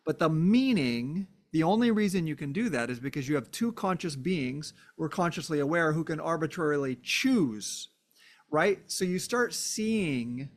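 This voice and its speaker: Guy with a kinda high voice musing on a podcast, lots of "um" and "right?". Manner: thinks aloud with fillers and rhetorical "right?"; acts out short exclamations. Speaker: podcast host. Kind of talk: reflective philosophical monologue.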